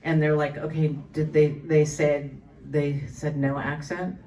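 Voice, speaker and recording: A woman's voice: low-pitched, level tone, a little slow, mellow. A woman voice actor answering fan questions at a convention panel, chatty and full of restarts. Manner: chatty storyteller, many restarts and fillers. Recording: voice from far off the mic.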